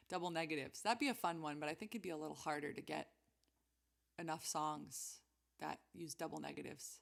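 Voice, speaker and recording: A woman's voice: lowish voice, gravelly, fairly bright tone. A young woman hosting a weekly music stream, chatting casually and giggling as she thinks aloud between songs.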